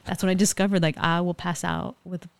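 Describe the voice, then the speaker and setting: A woman from California, a forensic investigator appearing as a guest, tells stories in a casual interview. Her fairly low, gravelly voice stays level and brisk as she chats away and quotes other people.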